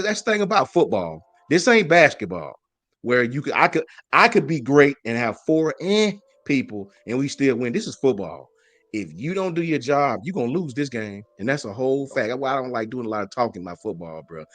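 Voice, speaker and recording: A man hosts a casual sports talk show, calling out viewers and ranting in animated bursts. His voice sits in a middle pitch and comes through dry and close to the mic. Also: no echo. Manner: animated, greets chat viewers, slangy.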